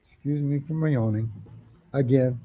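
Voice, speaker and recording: A man's voice: mid-range voice, moderate pace, lo-fi sound. A man hosting a live comic auction stream, chatting casually, repeating prices and titles and reading out viewer comments.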